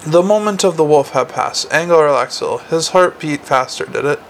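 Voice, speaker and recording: Gravelly man narrating an audiobook. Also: on the high side, brisk, hardly any pauses, slight background noise.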